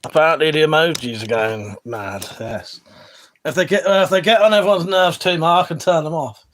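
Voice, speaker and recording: This English livestreamer's voice is on the high side, a bit bright, and brisk. Chatting loosely with viewers and reading their messages in a room with weapons displayed on the wall, he curses freely and rambles, often trailing off mid-sentence.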